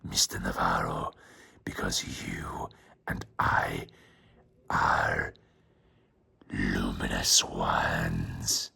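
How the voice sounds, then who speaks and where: A man voicing an eerie, menacing male entity in a deep gravelly whisper. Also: flat delivery, extremely slow, long pauses, pushed and bright, heavily acted.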